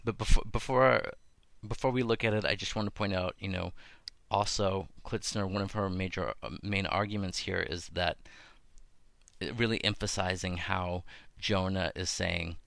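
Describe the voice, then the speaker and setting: A man with a low, gravelly voice hosts a casual podcast, thinking aloud with plenty of fillers and restarts. The recording is dry and close, with no room sound. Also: steady tone, normal speed, fairly bright tone, dry recording. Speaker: podcast host. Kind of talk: casual talk on biblical texts.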